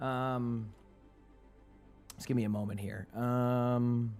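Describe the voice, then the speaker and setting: A young man streaming and chatting casually with viewers, slightly hoarse from commentating, rambling along with fillers and restarts. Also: mid-range voice, slow pace, faint music behind. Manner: relaxed and rambling, answering chat questions with fillers and restarts. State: yawning, sleepy.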